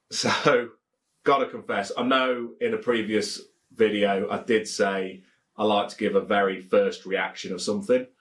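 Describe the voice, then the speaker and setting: Speaking to camera about beer, this reviewer from England has a Leicestershire accent and a voice on the low side. His chat is casual, meandering and jokey, with phrases he keeps repeating.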